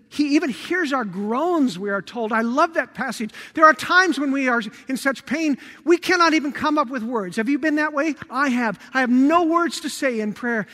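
High-voiced preacher in a reverberant hall. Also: male voice, bright, forceful tone. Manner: preaching with rising and falling emphasis, repeated rhetorical questions. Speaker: pastor. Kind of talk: sermon.

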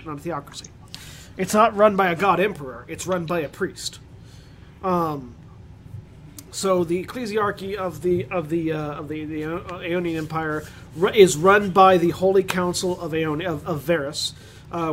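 A man narrating as game master on a voice call, explaining lore with many pauses and self-corrections. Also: high-pitched, a bit bright, slight background noise.

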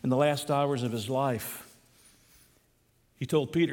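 A man's voice: medium pitch, normal speed. Preaching man in a reverberant hall. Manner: preaching with dramatic swings between hushed and raised delivery. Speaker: pastor. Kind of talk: sermon.

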